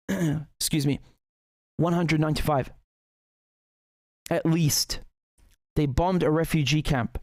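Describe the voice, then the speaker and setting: A man's voice: on the high side, darkish tone, dry recording, studio quality. A man giving heated, indignant solo commentary, sarcastic at times, often stumbling and restarting his sentences. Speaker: political commentator.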